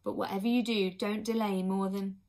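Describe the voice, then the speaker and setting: Grave, measured king, read by a woman in her own voice, storybook reading. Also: mid-range voice, level tone, darkish tone, lightly acted. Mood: stern.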